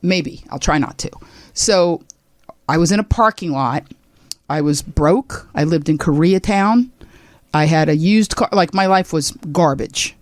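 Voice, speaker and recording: Animated woman comedian in her sixties. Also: deep voice, unhurried, dry recording, clean studio sound. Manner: animated, acts out quoted people. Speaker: comedian guest. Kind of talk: storytelling in a podcast interview.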